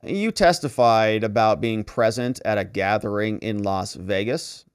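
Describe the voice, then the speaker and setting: Measured male prosecutor pressing a witness, lower and slower, as a man reads him out. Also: clear, resonant tone, no echo, clean studio sound, lightly acted. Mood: probing.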